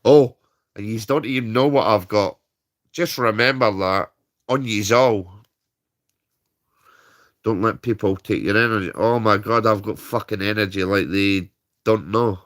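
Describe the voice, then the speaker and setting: A man's voice: on the low side, a little slow, pauses often, fairly bright tone. British guy ranting on stream, fired up, cussing, keeps saying right?. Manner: heated, swearing, repeats "right?". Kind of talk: angry livestream rant.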